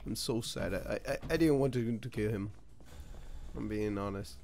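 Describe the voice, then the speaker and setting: A man's voice: lowish voice, normal speed. A man streaming a game live, chatting casually and swearing as he reacts to the action. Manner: swears and reacts loudly while playing. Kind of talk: casual live gameplay commentary.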